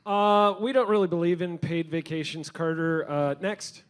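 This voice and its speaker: A man's voice: a little high, normal speed, smooth. A man co-hosting a business workshop, answering hiring questions with dry, laid-back jokes. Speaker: co-host, business owner. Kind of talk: casual workshop talk.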